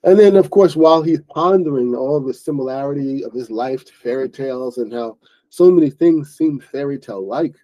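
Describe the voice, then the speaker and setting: A middle-aged man with a very dark, mellow voice talks through a story for language learners. He rambles casually, restarting sentences and leaning on fillers as he explains words. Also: mid-range voice, moderate pace, dull audio. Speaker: English teacher and book club host.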